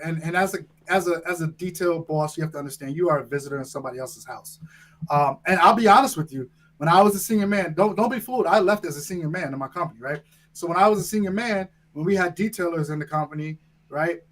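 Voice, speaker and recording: A man's voice: a little high, a bit bright, low-quality recording. A man who trains firefighters, talking in a casual podcast interview in a direct, emphatic way, often checking in with "right?". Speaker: fire training instructor, guest.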